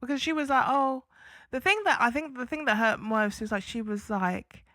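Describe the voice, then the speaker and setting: A woman co-hosting a podcast in casual chat, expressive, laughing often and acting out quotes. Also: on the high side, normal speed, no room sound, studio quality. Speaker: podcast co-host.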